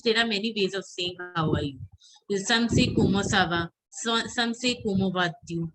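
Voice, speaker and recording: A woman teaching an online French class, patiently repeating words slowly so students can drill them. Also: medium pitch, a bit bright, slight background noise, rough recording.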